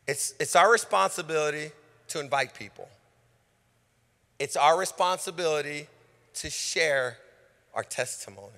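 A man's voice: on the high side, expressive, a little slow, long pauses, sharp tone. A male pastor preaching a rousing sermon with call-and-response, recorded on a stage microphone in a church sanctuary. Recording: long reverb of a church hall.

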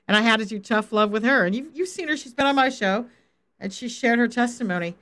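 A woman faith coach giving informal Bible teaching, animated, laughing and acting out quotes as she talks. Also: on the high side, fast.

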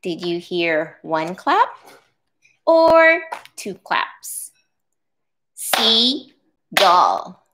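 A woman leading a preschool circle-time lesson, speaking patiently and encouragingly with drawn-out words for small children. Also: high voice, pushed and bright. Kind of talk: slow, sing-song preschool lesson.

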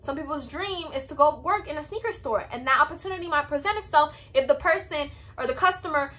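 Peppy high-voiced woman with a Hispanic accent. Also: quick pace, fairly bright tone. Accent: Hispanic American English. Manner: chatty, repetitive, peppy. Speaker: vlogger giving work advice. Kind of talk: casual advice vlog.

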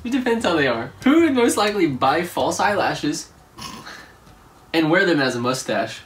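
Laughing, lively young man at a distance. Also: on the high side, moderate pace, slight background noise. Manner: chatty, laughs often, teasing. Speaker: co-host of a couple channel. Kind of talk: casual chat during a party game.

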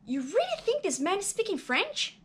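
A woman's voice: very high-pitched, very animated, normal speed, fairly bright tone, voice pushed up, exaggerated voice. A woman reading a polite audition director.

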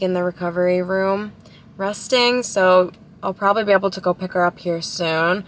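A woman's voice: mid-range voice, vocal fry, slight background noise. A bubbly, talkative woman of about twenty, vlogging casually from her car at a drive-thru. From Ohio, USA. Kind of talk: casual chatty vlog. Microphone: camera in the car.

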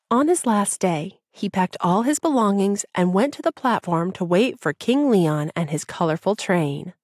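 A woman narrating a children's audiobook in an expressive storytelling voice. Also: medium pitch, no echo, clean studio sound.

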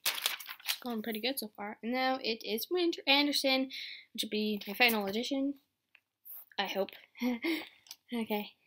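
A woman's voice: a little high, a little slow, long pauses, sharp tone. A young woman introducing her voice auditions in a chatty, upbeat and apologetic way. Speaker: voice actor auditioning. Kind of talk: casual audition vlog.

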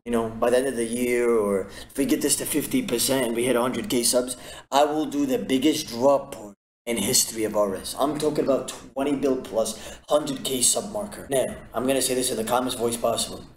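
A man's voice: medium pitch, moderate pace, reverberant, rough recording. A man streaming a game live, chatting playfully and greeting viewers by name. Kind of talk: casual live-stream chat.

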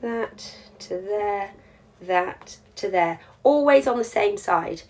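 A woman's voice: mid-range voice, lively intonation, slow, a little mellow. Woman, jewellery teacher, chatty live demo, step-by-step instructions. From England. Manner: chatty, explains step by step while working. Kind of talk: live craft demonstration.

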